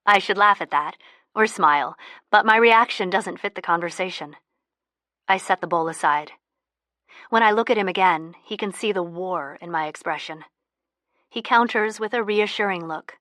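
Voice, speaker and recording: A woman narrating a first-person audiobook in a soft, intimate manner, close to the mic. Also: on the low side, no echo.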